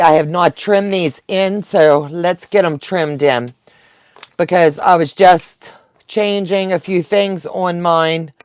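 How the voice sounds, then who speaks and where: Here a woman with a fairly low, darkish, smooth voice leads a laid-back quilting live stream without any echo. As the instructor, she chats, laughs frequently, and talks to the people watching.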